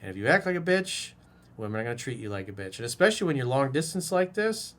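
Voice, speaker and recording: Talking fast in a sing-song, fairly bright mid-range voice, this man, a dating coach, answers a viewer's message directly. He delivers blunt, profane advice in casual bro-talk, scolding the listener like a friend would.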